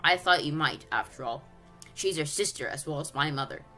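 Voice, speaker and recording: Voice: medium pitch, brisk, sharp tone, faint music behind, natural voice. A reader voicing an earnest young boy. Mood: pleading. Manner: earnest, pleading.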